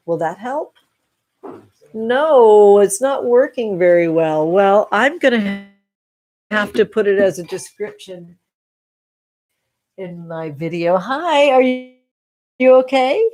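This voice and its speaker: A woman hosting a casual tarot reading livestream from home, effusive and drawn-out, calling her viewers sweet names. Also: medium pitch, expressive, a little mellow. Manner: effusive, slow and drawn-out, affectionate terms for viewers. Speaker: tarot reader and channel host.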